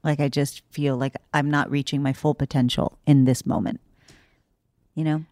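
Actress-director, woman, low voice, lively and laughing, dry close mic. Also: moderate pace, no echo. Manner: animated and laughing. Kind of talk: casual interview chat.

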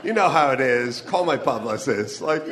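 A man's voice: medium pitch, animated, normal speed, background noise. A man from the Los Angeles area performing a stand-up comedy monologue live on stage, ranting with profanity and wry asides.

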